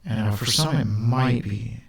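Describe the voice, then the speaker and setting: A man thinking out loud in a loose, casual monologue full of fillers, recorded with doubled audio that gives a flanger-like effect. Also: medium pitch, unhurried, breathy edge. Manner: loose, filler-heavy stream of thought.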